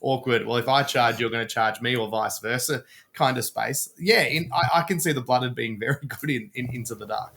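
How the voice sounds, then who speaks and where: A man's voice: mid-range voice, a little fast, vocal fry, fairly bright tone. Man chatting about tabletop games. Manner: chatty, asks questions, self-interrupting. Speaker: podcast co-host. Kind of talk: casual chat.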